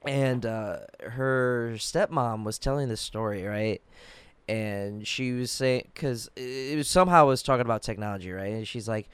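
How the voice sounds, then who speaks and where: A man's voice: medium pitch, normal speed, clear, resonant tone, no room sound. A man hosting a casual chat, talking loosely with many fillers and laughing often.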